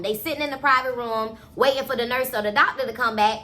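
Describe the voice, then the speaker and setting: A woman casually recapping a novel with profane, animated storytelling. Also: fairly high pitch, fast, slight background noise. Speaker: book reviewer.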